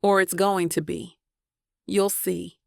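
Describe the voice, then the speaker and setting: A woman's voice: on the low side, flat delivery, slow, gravelly, no room sound, studio quality. A woman reading the lines of a playful, affectionate young father in a romance audiobook, teasing and easygoing.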